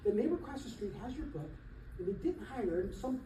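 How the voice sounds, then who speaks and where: A man's voice: very high voice, sing-song, fast, mellow, distant mic, a little hiss or hum, voice pushed up. A man imitating his elderly mother as a blunt, indignant, foul-mouthed woman, in an echoey hall. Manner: gossipy, indignant.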